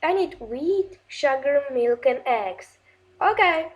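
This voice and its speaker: High-voiced jumpy woman playing a game. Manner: excitable, easily startled, gasps and nervous laughs; halting non-native English with frequent restarts. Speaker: gaming video host. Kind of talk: casual gameplay commentary.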